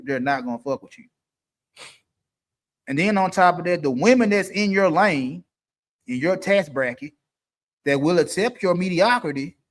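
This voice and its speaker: A middle-aged man hosts a live stream, dealing out blunt, preachy dating advice. He hammers each point by repeating it. His voice sits a little high for a man. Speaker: livestream host.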